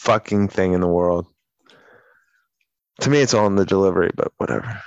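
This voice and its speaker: A man with a low-pitched voice tells stories in a crude, profane, sardonic way during casual on-air banter. His voice sounds dull and dry, like a close studio mic with little treble. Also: fairly quick, dry recording. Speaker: radio co-host.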